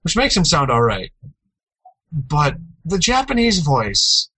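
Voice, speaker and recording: Young male co-host, bright and dry-sounding, playful jokey delivery, casual gaming chat. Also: big pitch swings, takes it slowly, slightly rough, no echo, rough recording. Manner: jokey, jumps into playful high-pitched outbursts.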